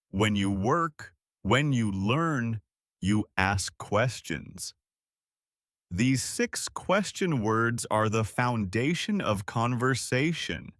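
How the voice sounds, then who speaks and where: A man hosting an English lesson podcast, speaking slowly and clearly in a scripted, encouraging repeat-after-me style. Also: fairly low pitch, fairly bright tone, no room sound, clean studio sound. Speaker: English teacher and podcast host.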